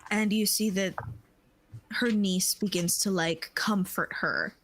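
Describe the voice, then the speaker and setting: Slow, soft-spoken woman game master. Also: medium pitch, steady tone, poor audio. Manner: unhurried, with many fillers and restarts. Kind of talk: narrating a tabletop game.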